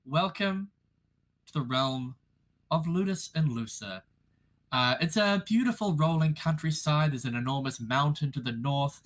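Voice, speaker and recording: A man's voice: on the high side, measured pace, a bit bright. A man narrating as game master of a tabletop game, describing the setting in a playful, theatrical way.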